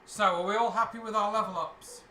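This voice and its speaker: Male game master, high bright voice, echoey room. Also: a little fast. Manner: relaxed, explanatory, narrating dreams and rules. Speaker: dungeon master. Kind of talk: narrating a tabletop game. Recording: echoey room, mic from some distance, faint noise.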